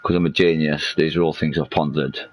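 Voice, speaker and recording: Deep-voiced man musing playfully. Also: flat delivery, fairly quick. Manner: playful, musing, laughs often. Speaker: livestream host. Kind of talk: casual chat while gaming.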